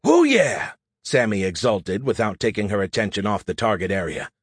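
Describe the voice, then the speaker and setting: A man voicing an excited young female pilot cheering a hit, in an audiobook. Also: fairly low pitch, fairly quick, husky, no room sound, clean studio sound. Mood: elated. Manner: cheering, upbeat.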